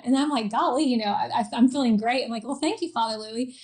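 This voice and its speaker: A woman's voice: on the high side, fast talker, darkish tone, low-quality recording. A woman in her thirties chatting as a guest, laughing often and telling a personal story with many fillers. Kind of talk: casual chat.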